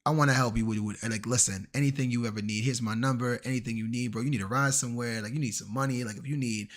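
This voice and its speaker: A man streaming a game, chatting casually and acting out the people in his stories in an animated way. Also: mid-range voice, quick pace. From Washington, DC area. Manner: animated, acts out quoted people. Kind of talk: casual storytelling while gaming.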